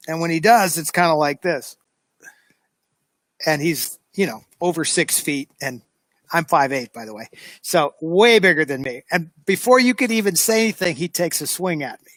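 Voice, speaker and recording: An American man with a high voice, recounting a tale in an animated, chatty way. The sound is close and dry, with no room around it. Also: normal speed, no echo. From United States. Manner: animated storyteller, lively re-enactment. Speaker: show host. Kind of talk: casual anecdote telling.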